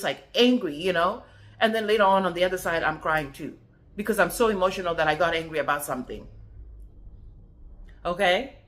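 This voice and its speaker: A woman in her forties talking casually to camera as a vlogger, chatty and animated, often checking in with "okay?". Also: on the low side.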